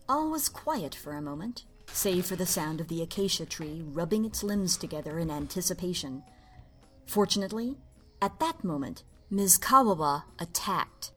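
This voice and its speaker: A woman narrating a story in an expressive, playful reading. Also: lowish voice, normal speed, faint music behind.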